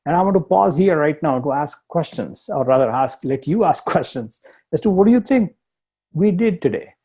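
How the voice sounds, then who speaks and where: A man's voice: on the high side, expressive, normal speed, dark tone, husky. A man with an Indian accent teaching a live online tech lesson, explaining step by step, repeating points and laughing at himself. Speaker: instructor.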